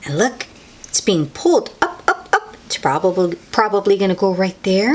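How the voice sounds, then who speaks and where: A young woman reads a storytime book aloud to small children in a breathy, unhurried voice with a very lively pitch. Gentle and animated, she coaxes the kids along and exclaims to her young listeners.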